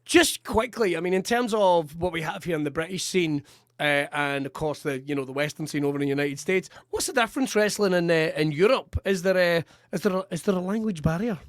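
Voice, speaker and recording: A man's voice: on the high side, fairly quick, no echo. Scottish male host, playful banter, dry close mic. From Scotland. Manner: jokey, mock voices for effect. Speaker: podcast host. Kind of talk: casual podcast chat.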